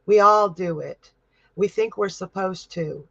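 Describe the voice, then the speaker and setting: A middle-aged woman hosts a live-stream psychic reading, chatty and heartfelt, laughing often. She speaks slowly and takes her time. The stream audio is dry and dull, like a lo-fi recording. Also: medium pitch, creaky, fairly bright tone, dry recording. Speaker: psychic medium host.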